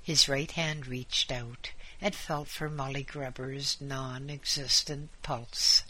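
A man narrates a story aloud in a measured, dramatic manner. His voice is bright and breathy, and he takes his time over each line. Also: mid-range voice, little pitch movement. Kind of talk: story reading.

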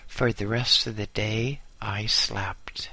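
A man narrating a memoir audiobook in a measured, dryly humorous way. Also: on the low side, steady tone, bright, forceful tone, dry recording.

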